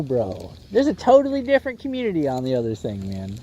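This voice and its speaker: Slangy animated man on a boat. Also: on the high side, fairly quick, few pauses, dull audio. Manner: slangy, rambling, jokey, says "bro" and "boys" a lot. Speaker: fishing livestream host. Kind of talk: casual livestream chat while fishing. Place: small boat on a windy lake.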